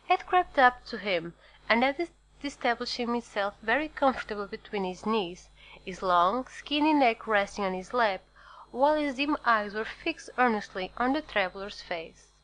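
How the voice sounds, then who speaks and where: A woman narrating a classic novel as an audiobook in a steady, measured storytelling voice. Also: medium pitch, rough recording. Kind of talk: scripted narration.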